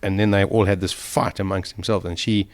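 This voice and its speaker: A man's voice: low voice, fairly even intonation, a little fast. A middle-aged man, a guest in an interview, vividly and emotionally retelling a survival ordeal. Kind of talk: storytelling in an interview.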